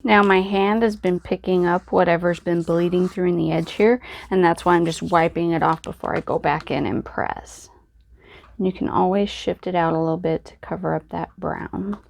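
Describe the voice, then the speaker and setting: A woman's voice: on the low side, fairly even intonation, normal speed, vocal fry. A woman hosting a crafting video, chatting casually and thinking aloud as she works. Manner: chatty, self-deprecating, thinks aloud while working. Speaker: crafting channel host. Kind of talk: casual crafting tutorial voice-over.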